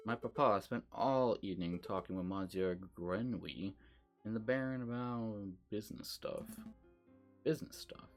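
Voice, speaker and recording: A man voicing a polite, naive young noblewoman in a video game, reading her lines aloud. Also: on the low side.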